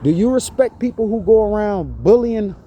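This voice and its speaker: A man's voice: high-pitched, animated, normal speed, dark tone, slight background noise. A man ranting indignantly to his phone camera outside a church, preachy and repetitive. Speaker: vlogger.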